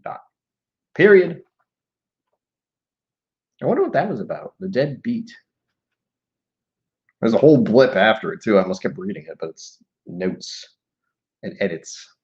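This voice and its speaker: A man's voice: on the low side, sing-song, normal speed, long pauses, a little mellow. A man chatting casually on a live stream and reading poetry aloud, rambling and muttering asides to himself. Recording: dull lo-fi stream audio.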